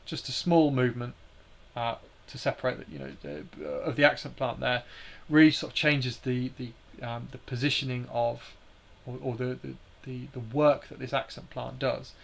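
A man's voice: medium pitch, fairly even intonation, normal speed, gravelly, hardly any pauses. A man hosting a live stream, explaining slides in a hesitant way with many fillers and restarts.

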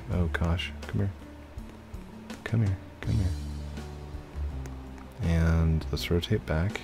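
Low, gravelly-voiced man narrating gameplay. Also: a little mellow. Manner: chatty, narrating his own moves, talking to viewers. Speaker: gaming channel host. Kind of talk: casual let's-play commentary. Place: home computer setup.

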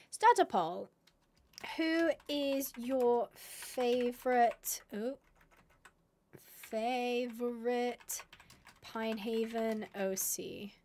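Young female streamer, high-pitched, excitable, casual live chatter with squealing bursts. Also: a little hiss or hum. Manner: excitable, squealing bursts, reads chat aloud.

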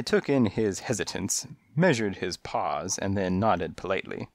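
A man's voice: deep voice, animated, unhurried, no room sound, studio quality. A man reading a children's mystery aloud in first person, with a rhythmic, lilting storytelling delivery. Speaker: audiobook narrator. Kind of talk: first-person audiobook narration.

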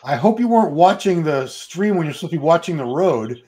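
A man's voice: a little high, lively intonation, brisk, warm tone. Chatty middle-aged male host. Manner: chatty, rambling storyteller. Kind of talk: casual livestream chat.

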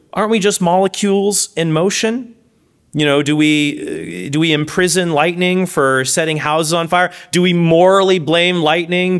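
A man giving a lively lecture at a conference, with quick asides and self-corrections. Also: a little high. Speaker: speaker giving a conference talk. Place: conference stage before an audience.

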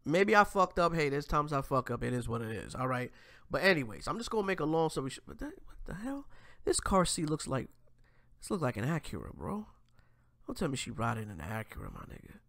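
A man talks through clips on his commentary show, speaking straight to his viewers in slangy, profane language. His voice is gravelly and swoops up and down with animated pitch. The recording is dry and close, with no room sound. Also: quick pace, no echo. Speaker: host. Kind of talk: casual commentary reacting to clips.

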